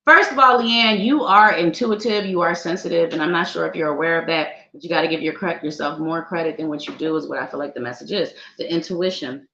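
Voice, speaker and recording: A woman's voice: deep voice, brisk, hardly any pauses. A middle-aged woman, a psychic giving a casual, playful live-stream tarot reading and chatting with viewers. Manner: animated, playful, chatty, talks to viewers as y'all. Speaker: psychic reader. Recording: roomy, dull lo-fi stream audio.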